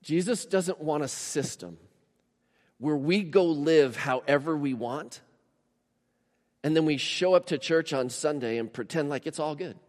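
A man's voice: fairly high pitch, a little slow, a little mellow, in a large hall. A man preaching a conversational sermon in a church, with emphatic rises and questions put to the congregation. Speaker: pastor.

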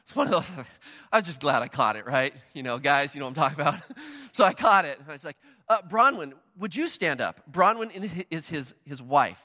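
Male pastor, high ringing voice, animated storytelling sermon, long church-hall reverb. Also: brisk. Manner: animated storytelling, acts out dialogue.

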